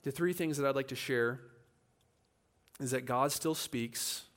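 An unhurried man of medium pitch gives a sermon in church, narrating a story with energy and voicing the people in it himself.

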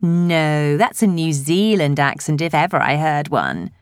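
A woman's voice: low-pitched, lively intonation, measured pace, clean tone, no echo, clean studio sound. A woman voicing a chatty, nosy middle-aged village woman who gushes in breathless chatter, in an audiobook. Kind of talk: audiobook character voice.

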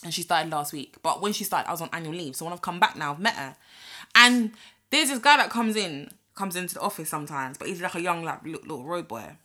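A woman's voice: lowish voice, lively intonation, quick pace, bright, forceful tone. A young woman, co-hosting a podcast and telling a story animatedly, swearing and slipping into patois. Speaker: podcast co-host. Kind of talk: casual chat, storytelling.

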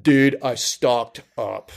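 A man's voice: mid-range voice, drawn-out words, creaky. A man voicing a rural Utah man with a Spanish Fork accent, rambling about fishing gear in ungrammatical talk. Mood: chatty. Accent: Utah County, Spanish Fork.

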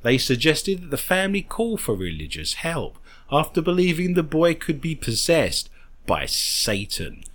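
Lively joking male podcast host. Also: on the high side, a little slow. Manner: jokey, riffing on absurd details. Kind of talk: comedic podcast chat, reading news stories.

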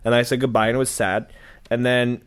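A man's voice: medium pitch, little pitch movement, a little fast, clear, resonant tone. A young man talking casually about his dating life as a podcast co-host, rambling and restarting his sentences with lots of filler. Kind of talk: casual chat.

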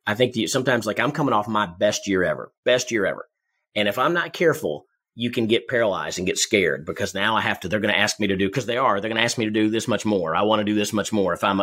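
Husky fast-talking man giving sales advice. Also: lowish voice. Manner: energetic, repeats words, speaks in quick bursts. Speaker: sales coach guest. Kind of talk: conversational advice, storytelling.

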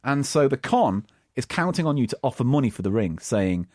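A man's voice: medium pitch, sing-song, brisk, a little mellow, no room sound, clean studio sound. A man hosting a podcast in casual banter, giggly and playful. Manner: giggly, playful, jumping into silly voices. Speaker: podcast host.

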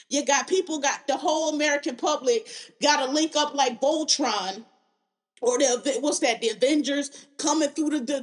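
Brief: woman podcast host with a high voice, fiery and foul-mouthed, restarting her sentences often. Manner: heated, profane, blunt, with lots of restarts. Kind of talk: casual political rant.

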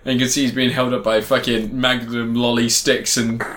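A man's voice: mid-range voice, level tone, moderate pace, a bit bright, slight background noise. Jokey man rambling. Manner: rambling, jokey, laughs often, swears. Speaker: podcast co-host. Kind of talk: casual chat.

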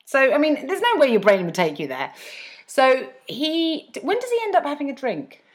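A woman's voice: high-pitched, huge pitch swings, normal speed. A woman co-hosting a casual podcast chat, talking in a chatty, self-mocking way and laughing often. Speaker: podcast co-host.

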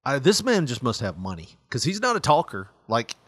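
A man co-hosts a loose, profane podcast. His pitch swings widely as he jokes, and he laughs often. The sound is dry and close. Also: wildly swooping pitch, moderate pace, fairly bright tone, slightly rough, no echo. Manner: laughs often, slips into mock voices and accents. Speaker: podcast co-host. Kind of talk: casual podcast banter.

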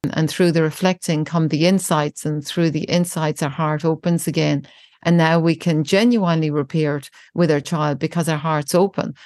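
A woman who teaches parenting, speaking in a reflective podcast conversation, thoughtful and gentle, often restarting her phrases as she explains. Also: sits low, steady tone, normal speed, no echo. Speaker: parenting educator guest.

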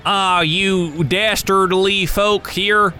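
A man's voice: sits high, steady tone, extremely slow, bright, forceful tone, soft background music, voice pushed up, full character voice. A man voicing a hammy, boastful male sorcerer in a purposely terrible Southern drawl during a tabletop game. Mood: grandiose.

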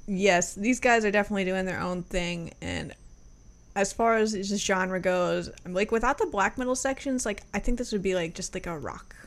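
A woman's voice: medium pitch, moderate pace. A woman co-hosting a music review, chatting casually, laid-back and hedging, laughing often.

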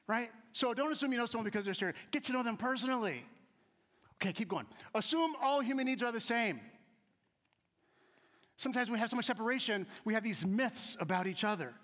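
Before a live audience, a man tells humorous stories in a very high, bright voice, animatedly acting out the people he quotes. He shifts between quiet asides and loud, punchy key lines, and a large hall gives the sound a long reverb.

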